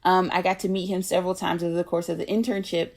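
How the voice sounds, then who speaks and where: A woman guest in an interview, telling stories in a casual, animated way and acting out the dialogue she quotes. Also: lowish voice, quick pace. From United States. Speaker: guest, nonprofit operations director.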